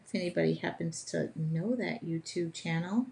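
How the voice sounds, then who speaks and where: A woman with a slightly low voice runs a casual live drawing class from her home studio. She chats as she works, upbeat and self-deprecating, thinking out loud about each stroke. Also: moderate pace, creaky. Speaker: art teacher hosting a live drawing session.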